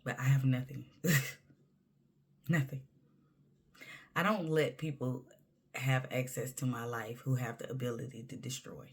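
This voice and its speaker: A woman's voice: very deep voice, fairly even intonation, moderate pace, husky. A woman talking candidly to camera in a personal monologue, emphatic and conversational, sometimes dropping to a near-whisper. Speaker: vlogger.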